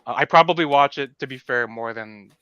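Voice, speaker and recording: A man's voice: mid-range voice, a little fast, sharp tone, clear, resonant tone, no echo, muffled recording. A man co-hosting a podcast, talking earnestly and animatedly about a film, often restarting his sentences. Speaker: podcast co-host. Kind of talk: casual film discussion.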